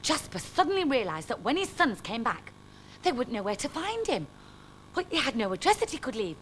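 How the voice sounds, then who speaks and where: A woman, reading a children's story aloud in a bright, expressive way. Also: fairly high pitch, brisk, slight background noise, low-quality recording.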